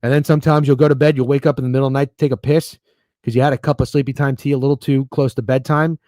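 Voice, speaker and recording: A man hosting a sports betting livestream in a loose, rambling way, peppering his talk with profanity and bursts of excitement. His voice sits at a middle pitch and sounds close and dry, with little room sound. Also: rapid-fire, dry recording. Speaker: sports betting stream host. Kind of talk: casual livestream chat.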